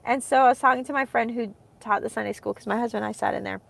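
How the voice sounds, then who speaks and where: A woman's voice: a little high, fairly even intonation, very fast, vocal fry. A woman in her thirties, a homeschooling mom vlogging, talking in a rambling, heartfelt way with many fillers. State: emotional, close to tears. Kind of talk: casual chat to camera.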